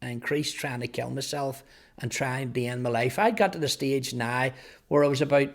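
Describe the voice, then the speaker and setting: Gravelly Northern Irish man in his fifties. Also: mid-range voice. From Northern Ireland. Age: 50s. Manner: earnest, halting with repeated words. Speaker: testimony speaker. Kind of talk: personal testimony storytelling.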